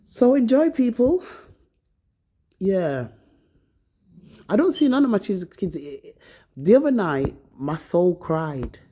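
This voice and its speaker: A woman's voice: on the low side, big pitch swings, takes it slowly, pauses often, dark tone, breathy edge. A woman vlogger ranting to her phone camera, bitter and accusing, swearing often. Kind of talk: angry personal rant to camera.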